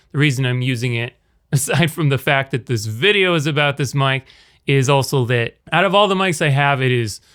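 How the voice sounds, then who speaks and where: Testing a shotgun mic mounted on his camera, a video creator wanders through a casual review, catching and fixing his own words while moving near and far in a quiet room. His voice is fairly high-pitched and smooth.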